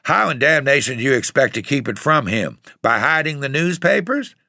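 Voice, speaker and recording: A man voicing a gruff, blunt middle-aged father who cusses and takes charge. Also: medium pitch, normal speed, sharp tone, dry recording, studio quality, voice pushed up. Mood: angry.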